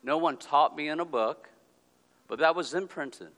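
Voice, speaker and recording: Bright-voiced man telling a story in a hall. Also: on the high side. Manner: deliberate, drawn-out phrases with pauses, checks in with "okay?". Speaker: speaker giving a talk. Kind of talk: personal storytelling talk. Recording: long hall reverb.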